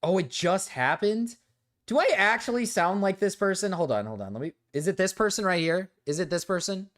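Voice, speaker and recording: Streaming live, a young man talks casually and reacts defensively, dropping to mumbles and then rising into loud protests. He's expressive and speaks a little fast.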